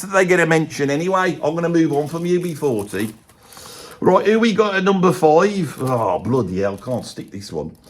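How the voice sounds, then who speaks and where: A man playing a rambling, opinionated middle-aged bloke with a Birmingham accent, who swears mildly all the time and drops into hushed asides. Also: on the high side, natural voice. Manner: rambling, says "bloody" constantly, drops into hushed conspiratorial asides. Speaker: comic presenter. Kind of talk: comedic character monologue.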